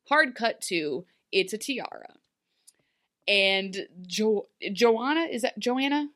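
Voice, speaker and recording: Animated woman recapping with playful voices. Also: mid-range voice, slow. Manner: animated, acts out scenes in voices, laughs often. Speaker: podcast co-host. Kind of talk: casual recap chat.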